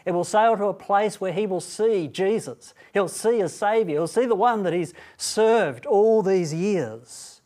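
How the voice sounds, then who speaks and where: A man giving a Bible talk at a student training event, speaking deliberately and emphatically and asking rhetorical questions. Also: high voice, darkish tone.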